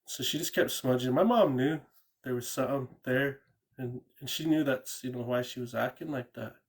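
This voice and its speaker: A man's voice: medium pitch, moderate pace. A man calling in to tell a true ghost story in a rambling, casual way, often repeating words and saying "you know". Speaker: caller sharing a ghost story.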